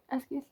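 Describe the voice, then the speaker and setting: A woman's voice: warm tone, poor audio. A young woman telling a story in a casual, drawling way, mocking and exasperated, her voice often trailing into whispers. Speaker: channel host.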